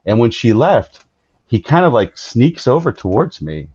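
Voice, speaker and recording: A man hosting an interview, telling a reflective story in a relaxed way with many fillers. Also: medium pitch, a little slow, husky, dry recording. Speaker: podcast host. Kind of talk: casual interview chat. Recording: slightly dull, dry sound.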